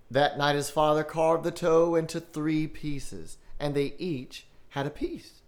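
A man hosting a podcast, reading a children's scary story aloud in a slow, dramatic style. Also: fairly high pitch. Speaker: podcast host.

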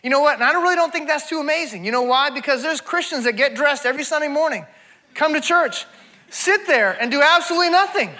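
A man preaching a sermon to a congregation, animated, asking rhetorical questions and calling the crowd "y'all", swinging from near-shouts down to low, calm talk. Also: quick pace. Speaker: traveling preacher.

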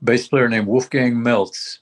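A man's voice: medium pitch, fairly even intonation, takes it slowly. An older man talking casually as a veteran musician, rambling and reminiscing with many restarts. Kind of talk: casual conversation.

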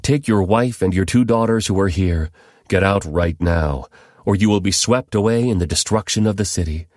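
A man reads the lines of a stern heavenly messenger giving firm, urgent orders. The voice is deep and low, dry and near the mic. Every command comes plain and direct. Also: normal speed, a little mellow, dry recording, lightly acted. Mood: stern urgency.

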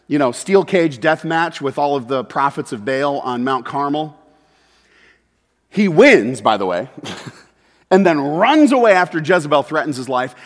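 Male pastor with a slightly high voice, delivering an emphatic sermon in a reverberant sanctuary. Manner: swings from loud emphatic peaks to quiet confessional asides. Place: church sanctuary. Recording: long hall reverb.

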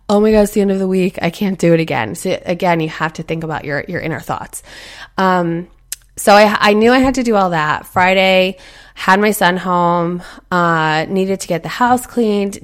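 Chatty woman giving motivational talk. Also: on the low side. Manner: chatty, acts out inner voices; earnest, encouraging.

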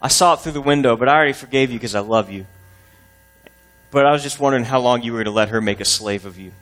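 A man voicing a gentle, forgiving grandmother on a farm, in a sermon story. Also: medium pitch, quick pace, pitched below the performer's own voice, lightly acted. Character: kind loving grandmother on a farm.

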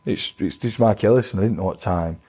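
A man's voice: on the low side, fast, mellow, slightly rough. A former boxer, telling his stories bluntly in a casual interview. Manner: blunt, plain-spoken, acts out quoted voices. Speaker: retired boxer guest.

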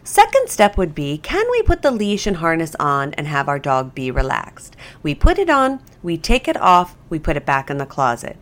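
A woman's voice: low voice, huge pitch swings, normal speed, hardly any pauses. A woman who trains dogs, explaining the training step by step in a podcast monologue. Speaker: dog trainer.

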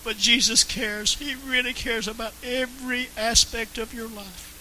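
A man's voice: extremely high pitch, steady tone, normal speed, pushed and bright, a little hiss or hum, poor audio. A man telling his personal faith testimony in an earnest way, repeating phrases for emphasis. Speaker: Christian testimony speaker.

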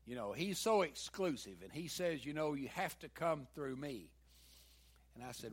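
A man's voice: on the high side, big pitch swings, normal speed, husky. A man with a Southern US accent preaching a sermon, mixing folksy stories with emphatic peaks. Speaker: pastor.

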